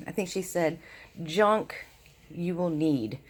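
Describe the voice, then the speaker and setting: A woman and mother chatting casually and warmly gushing in a home vlog. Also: fairly low pitch, slow pace. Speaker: vlogger and mother.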